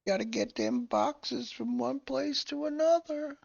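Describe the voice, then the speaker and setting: A man voicing a goofy office worker who talks to his boss in a high, drawn-out voice. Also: huge pitch swings, vocal fry, darkish tone, highs cut off, full character voice. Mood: mock-earnest.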